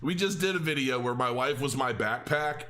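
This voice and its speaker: A man's voice: mid-range voice, normal speed, fairly bright tone, slight background noise. A middle-aged man hosting a crypto channel, rambling in a casual chat with restarts and filler words.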